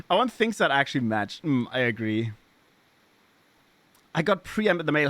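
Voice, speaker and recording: A man's voice: mid-range voice, expressive, measured pace, pauses often, a bit bright, no echo. A man from Germany with a German accent, chatting casually with his live-stream audience, playful and swearing freely as he riffs on chat messages.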